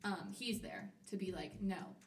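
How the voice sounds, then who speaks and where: A college student in her twenties, a podcast guest, tells her story openly and candidly in casual conversation, animatedly acting out her own quoted thoughts. Her mid-range voice moves fairly quickly. The mic is roomy and slightly distant, with slight background noise.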